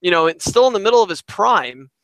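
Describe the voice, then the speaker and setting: A man's voice: sits high, lively intonation, quick pace, fairly bright tone, no echo. A man co-hosting a casual sports talk show, hesitant and questioning, often trailing off mid-thought. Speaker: sports podcast co-host.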